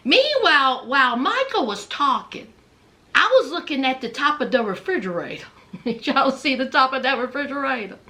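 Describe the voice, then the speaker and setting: A woman's voice: sits high, very animated, normal speed, bright, forceful tone. A woman giving a chatty, gossipy recap of a reality show, laughing often and calling listeners honey. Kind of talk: casual commentary.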